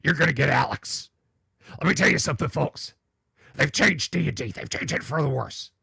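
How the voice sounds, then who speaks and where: A man voicing a loud, paranoid middle-aged male conspiracy radio ranter who makes urgent warnings. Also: a little high, moderate pace, creaky, breathy edge, dry recording, studio quality, exaggerated voice. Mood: ranting.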